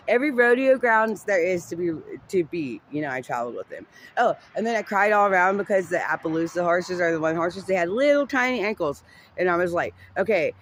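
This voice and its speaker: A man's voice: on the high side, a little hiss or hum. A man telling a heated personal family story, rambling and profane, full of fillers and restarts.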